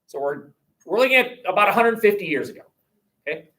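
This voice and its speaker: A man teaching history to a class, animated, thinking aloud and asking the class questions, recorded on a webcam across the classroom. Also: sits high, quick pace. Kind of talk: classroom lecture. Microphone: webcam across the room. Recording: roomy classroom picked up from a distance.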